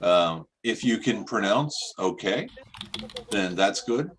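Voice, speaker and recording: A man on a video call, speaking haltingly in short, simple sentences. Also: lowish voice, expressive, slight background noise. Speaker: call participant.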